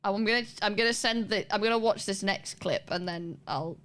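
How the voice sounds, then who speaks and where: A woman's voice: medium pitch, a little fast, fairly bright tone. A woman streamer chatting casually and laughing as she reacts to clips. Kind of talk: casual live-stream chat.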